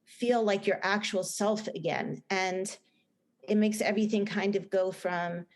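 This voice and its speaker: A middle-aged woman with a New Jersey accent, a film director and writer, appears as a guest in a casual podcast interview. She talks earnestly and rambles, restarting often, in an unhurried, medium-pitched voice with fairly even intonation.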